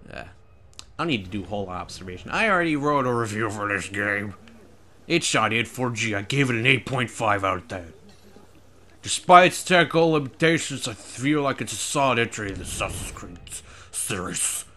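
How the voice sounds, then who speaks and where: A man's voice: on the low side, expressive, a little fast, bright, forceful tone, slight background noise. Chatty young man commentating a game. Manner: chatty, laughs often, jokey put-on accents. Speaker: let's play gamer. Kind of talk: casual gameplay commentary. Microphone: desk microphone.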